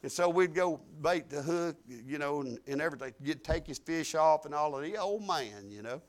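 An older man preaching a sermon, telling folksy stories and swinging between quiet asides and loud, emphatic declarations. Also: fairly high pitch, expressive, normal speed.

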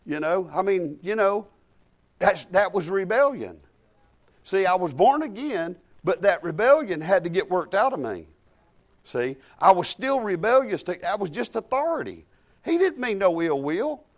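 A male preacher tells his story in a folksy, conversational sermon. His voice sits a touch higher than most men's, and he chuckles now and then as he talks. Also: big pitch swings, moderate pace.

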